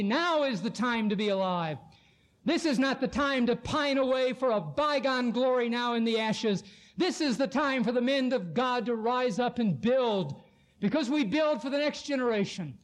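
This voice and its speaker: A man preaching a sermon with an impassioned, oratorical delivery, slowing down dramatically to stress key lines. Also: very high-pitched.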